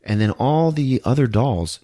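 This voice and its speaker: Laughing, animated male podcast host. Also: medium pitch, unhurried. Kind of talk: casual movie plot recap.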